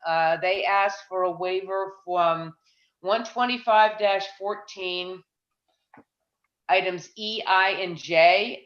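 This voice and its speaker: Woman running a town board meeting, talks it through out loud, kinda muffled lo-fi audio. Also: mid-range voice. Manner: chatty, self-deprecating, thinks aloud with restarts. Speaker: planning board chair. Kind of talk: public meeting chairing.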